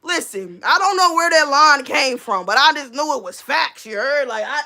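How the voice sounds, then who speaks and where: A woman hosting a casual livestream, reading chat comments aloud in slangy, animated talk and laughing often. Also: sits high, normal speed. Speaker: livestream host; school staff member.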